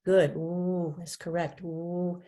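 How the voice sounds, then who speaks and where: A woman leads a teacher-training webinar at an unhurried, deliberate pace. Her voice sits slightly low, and she drags out single sounds as she models them. She switches between giving instructions and answering as a pretend student. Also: level tone, mellow. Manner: patient, stretches out speech sounds to model them; plays both teacher and student in demonstrations.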